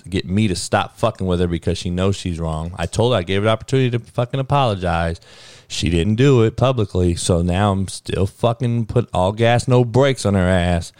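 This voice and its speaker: Middle-aged coach from Compton, low voice, dry close sound, heated blunt rant full of swearing. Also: male voice, dry recording. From Compton, California. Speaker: football coach and podcast host. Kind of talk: profane ranting monologue.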